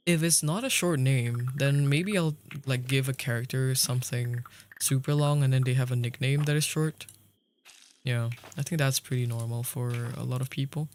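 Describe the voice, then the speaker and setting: A young streamer with a medium-pitched voice keeps up casual chat with viewers while he plays, rambling and laughing often. The recording carries faint background music and a slight hiss or hum.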